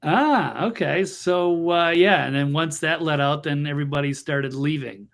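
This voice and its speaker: A man's voice: fairly high pitch, moderate pace, creaky, fairly bright tone. A man hosting a political talk show, commenting in a blunt, mocking way with lots of restarts and fillers. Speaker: show host.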